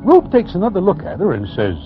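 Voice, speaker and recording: A man's voice: high voice, wildly swooping pitch, a little fast, highs cut off, soft background music. An actor playing a mild, folksy Broadway man-about-town who narrates an old radio drama. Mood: narrating. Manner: folksy, mild, formal phrasing. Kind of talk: 1940s radio acting.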